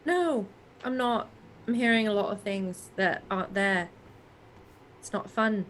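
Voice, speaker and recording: A woman's voice: medium pitch, a little slow, a little hiss or hum. A woman playing a tabletop game, talking in an anxious, hesitant, playful way. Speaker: player. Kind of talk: casual tabletop play.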